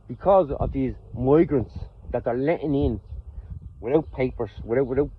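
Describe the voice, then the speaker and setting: A man's voice: medium pitch, normal speed, a little hiss or hum. An Irish man speaking straight to his phone outdoors, thinking aloud in a loose, unscripted monologue. He stumbles, repeats himself and restarts his phrases as he goes. The sound is thin and tinny, like a phone line. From Ireland. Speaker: vlogger. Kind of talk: off-the-cuff personal monologue.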